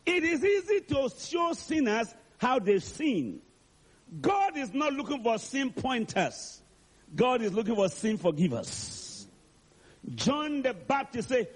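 Husky, animated male preacher. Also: extremely high pitch, a little slow. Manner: dramatic, calls for responses. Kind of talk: sermon.

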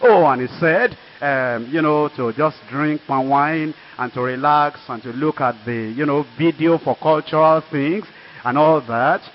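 High-voiced older Nigerian preacher. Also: male voice, measured pace, a little hiss or hum. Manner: earnest storytelling with emphatic asides. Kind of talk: sermon testimony. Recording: dull lo-fi recording.

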